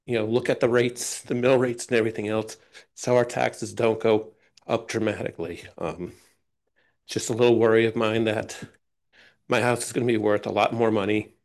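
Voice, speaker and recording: A man's voice: on the low side, steady tone, moderate pace, darkish tone. A man speaking during public comment at a town council meeting, rambling with loose phrasing and frequent fillers. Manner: rambling, loose, many "you know" fillers and restarts.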